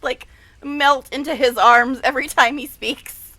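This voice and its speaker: A woman's voice: high-pitched, slow pace, pushed and bright, dry recording. A woman streamer giving casual gameplay commentary, gushing and dramatic, laughing often. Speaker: game streamer.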